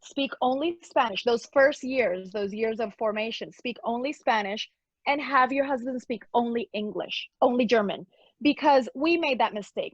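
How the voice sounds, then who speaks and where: A woman chats as an interview guest in a gushing, upbeat manner, laughing often. Her voice sits fairly high. The sound is muffled and lo-fi, with no room echo at all. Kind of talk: casual interview chat. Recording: dull lo-fi dry sound.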